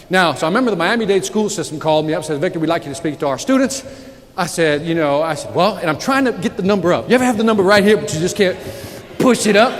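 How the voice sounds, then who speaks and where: Brief: male motivational speaker, high bright voice, working a crowd in a reverberant hall. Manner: lively, joking, calls out to the audience. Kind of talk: energetic keynote speech with storytelling. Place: conference hall before a live audience. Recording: echoey hall, audience, faint background noise.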